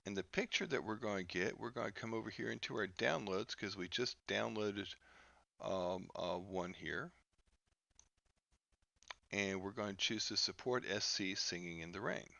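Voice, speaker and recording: Halting, gravelly man teaching software. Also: on the low side, no room sound, lo-fi sound. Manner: halting, many fillers and restarts. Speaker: instructor. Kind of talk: screen-recorded software tutorial.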